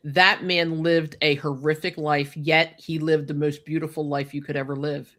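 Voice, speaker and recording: A woman telling a personal story with deep feeling, choked up, with lots of "you know" and "like". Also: little pitch movement, moderate pace, few pauses, a bit bright. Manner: heartfelt, many fillers like "you know" and "like". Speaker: guest recalling a friend.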